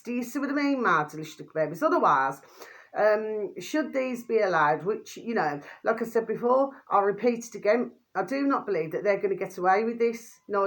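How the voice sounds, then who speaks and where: A woman, rambling through casual commentary, full of fillers and tag questions, with quick low asides to her viewers. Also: a bit bright. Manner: drops pet phrase "my delicious babies" in a quick low aside. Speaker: vlogger commenting on videos.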